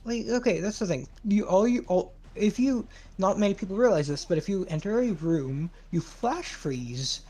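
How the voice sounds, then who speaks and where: A man's voice: high voice, animated, moderate pace, mellow. A man in a casual stream discussion, rambling and argumentative, restarting his sentences as he makes his point. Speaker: co-host in a game modding discussion.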